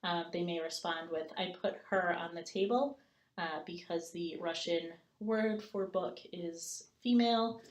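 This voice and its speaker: A woman with a somewhat low voice presents a lesson at an explanatory pace, pausing on filler words and reading out example sentences. The recording carries a noticeable room echo. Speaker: student presenter.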